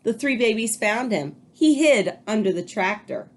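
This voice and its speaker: A woman's voice: a little high, big pitch swings, measured pace. A woman, a teacher, reading a picture book aloud to children and adding chatty asides.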